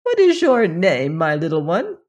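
A woman voicing a kind, cheerful old fairy in a storybook reading, speaking with bright, raised eagerness. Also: fairly low pitch, huge pitch swings, unhurried, full character voice.

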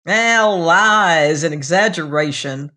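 A reader voicing a grumbling, mournful old man who talks gruffly and loudly. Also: medium pitch, slow.

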